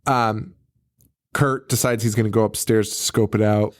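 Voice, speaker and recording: A man's voice: fairly low pitch, fairly even intonation, moderate pace. A man hosting a podcast in casual chat, rambling, swearing often and laughing a lot. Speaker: podcast host.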